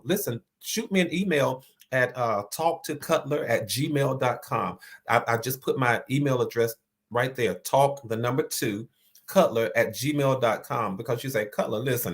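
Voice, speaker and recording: A man hosting an inspirational talk, speaking earnestly and repeating key phrases for emphasis. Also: medium pitch. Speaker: host.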